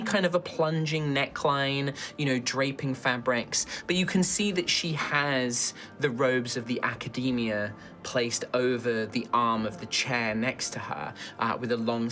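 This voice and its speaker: A woman's voice: very deep voice, fairly bright tone. A woman, narrating a tabletop game as game master, loose and hesitant with many ums.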